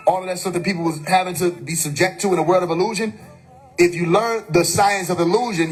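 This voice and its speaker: A man's voice: sits high, fairly even intonation, fast talker, slightly rough, faint music behind. A man on a phone live stream giving an emphatic, preachy spiritual monologue, full of rhetorical questions and casual swearing.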